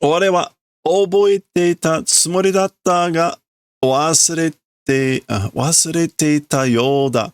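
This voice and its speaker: Brief: a man playing a comic-book dad, flustered and halting, voice lifted high. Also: clear, resonant tone, dry recording, clean studio sound. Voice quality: halting, stumbling delivery. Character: flustered apologetic dad, stumbling over words.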